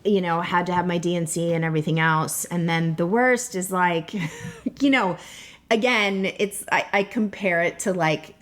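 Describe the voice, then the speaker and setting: A woman's voice: lowish voice, moderate pace. A woman in her thirties, a podcast guest telling her own story in a talkative way, full of fillers and close to tears at times. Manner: talkative, many "like" and "you know" fillers, tearful at times. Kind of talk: emotional personal storytelling.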